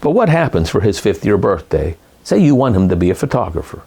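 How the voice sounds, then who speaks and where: A man's voice: lowish voice, a little fast, husky. A middle-aged man giving a casual, rambling talk on Catholic faith, often correcting himself as he goes. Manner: rambling, animated, self-correcting. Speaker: lay Catholic speaker.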